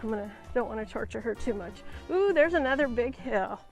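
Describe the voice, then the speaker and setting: A woman with a high, light voice chats casually while hiking a hillside trail, a little out of breath. She chuckles often and keeps talking to her dog, recorded outdoors on a handheld pocket camera with faint music underneath. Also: expressive, fairly quick. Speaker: travel vlogger.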